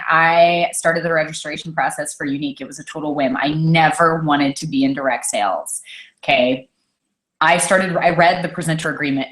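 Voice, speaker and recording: A woman's voice: lowish voice, fairly bright tone, reverberant. A young woman leading a motivational team call, intense and passionate, often checking in with "okay?". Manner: intense, fired-up, repeats "okay?". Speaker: team leader.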